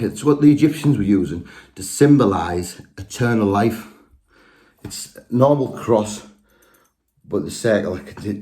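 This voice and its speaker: This spiritual video speaker has a fairly low, slightly mellow voice and sounds out of breath. He talks to viewers in an earnest, rambling monologue, frequently starting sentences over and correcting himself.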